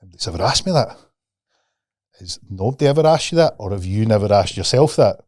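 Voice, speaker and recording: A man's voice: fairly low pitch, animated, brisk, a little mellow, dry recording, clean studio sound. A man, a podcast guest and mindset coach, talking casually and animatedly, swearing freely and acting out the voices of the people he quotes.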